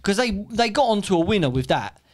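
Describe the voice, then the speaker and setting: A man's voice: high voice, very animated, a little fast. A man in casual podcast chat who rambles and often restarts his sentences. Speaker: podcast co-host.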